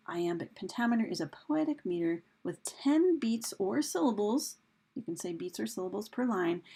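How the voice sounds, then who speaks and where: A woman's voice: medium pitch, gravelly, a little mellow, breathy edge. A woman teacher talking through a recorded lesson over slides, chatty, with fillers and questions put to her students. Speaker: English teacher.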